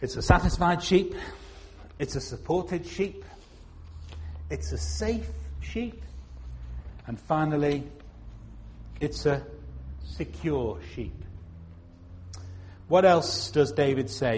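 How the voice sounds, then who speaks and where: A man preaching a sermon in a slow, emphatic way, pausing for weight on single words. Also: a little high, animated, darkish tone, slight background noise. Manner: slow, emphatic, with dramatic pauses.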